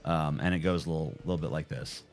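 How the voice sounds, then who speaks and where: A man's voice: extremely low pitch, fast, soft background music. A man in his twenties chatting casually on a live stream, joking and swearing as he answers viewers. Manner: joking, profane, laid-back.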